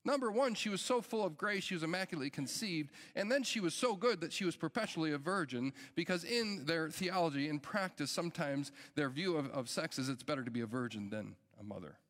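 A man's voice: a little high, expressive, a little fast, hardly any pauses, a bit bright. A middle-aged man, a pastor, preaching a sermon in an earnest, emphatic way that builds with urgency. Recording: long hall reverb.

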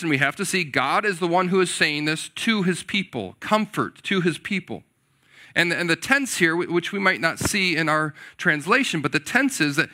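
A man's voice: on the high side, pushed and bright. A man preaching a sermon, earnest and repeating key words for emphasis. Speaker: pastor.

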